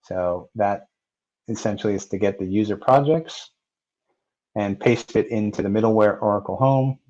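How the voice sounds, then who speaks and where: Low-voiced man narrating a dull lo-fi screencast. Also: normal speed, a little mellow. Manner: plain, step-by-step narration with fillers. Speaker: software tutorial presenter. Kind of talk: screen-recorded technical walkthrough.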